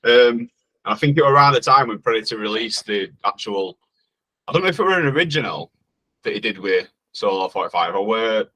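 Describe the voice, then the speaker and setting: Low-voiced Yorkshire guest, bright tone. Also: male voice, fairly quick, slightly rough, poor audio. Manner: relaxed, hesitant, northern dialect words. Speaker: guest musician. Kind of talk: casual interview chat.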